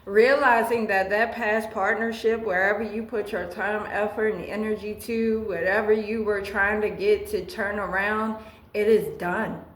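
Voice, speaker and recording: A woman's voice: mid-range voice, steady tone, a little slow, roomy sound, low-quality recording. A woman giving a tarot reading and chatting about her own life, earnest and emotional, often restarting her sentences. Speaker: tarot reader. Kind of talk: tarot reading with personal chat.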